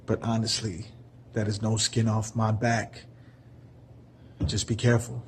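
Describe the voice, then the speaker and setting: A man voicing a calm farm cow who offers mild sympathy without concern. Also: on the low side, slight background noise. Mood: unbothered. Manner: slow, mildly sympathetic. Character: calm unbothered cow chewing cud.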